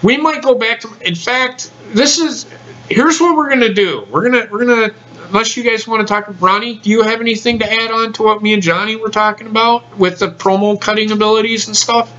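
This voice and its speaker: A man's voice: high voice, fairly even intonation, fairly quick, bright, forceful tone, highs cut off. Man hosting a casual wrestling chat. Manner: blunt, swears freely. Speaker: podcast host.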